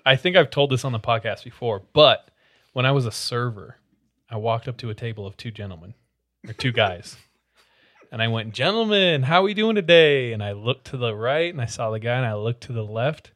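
A man co-hosting a casual podcast chat, telling stories in an animated way and laughing often. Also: medium pitch, a little fast. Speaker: podcast co-host.

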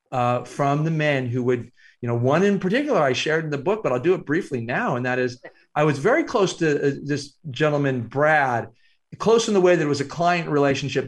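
Male author guest, higher-pitched, reflective storyteller with halting pauses. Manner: reflective, unhurried, halting with fillers. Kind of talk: storytelling interview.

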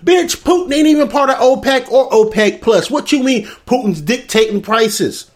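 High-voiced man, laughing, profane rant. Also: expressive, normal speed. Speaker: commentary show host. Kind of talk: comedic political rant.

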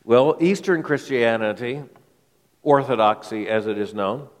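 A man's voice: medium pitch, a little slow. Man preaching in a reverberant hall. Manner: emphatic, repeats words while thinking aloud. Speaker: pastor. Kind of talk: expository sermon.

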